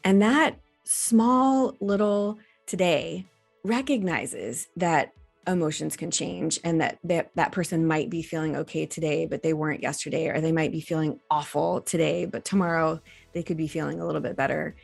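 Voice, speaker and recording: Earnest low-voiced woman doctor. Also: moderate pace, vocal fry, faint music behind. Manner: earnest, gently instructive. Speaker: reproductive endocrinologist. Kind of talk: educational talk to camera.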